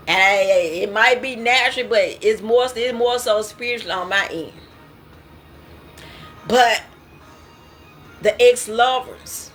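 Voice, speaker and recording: In a relaxed, unhurried monologue, a young spiritual dream interpreter shares her dream with viewers, her bright, slightly high voice laughing frequently. She stays animated throughout and addresses everyone as "y'all." Gentle music can be heard faintly behind her.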